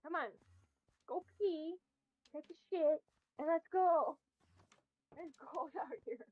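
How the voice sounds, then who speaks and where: A woman's voice: very high-pitched, slow, no room sound. A woman streamer chatting casually outdoors on earbuds while scolding her dogs. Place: outdoors, on a walk. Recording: dull lo-fi sound.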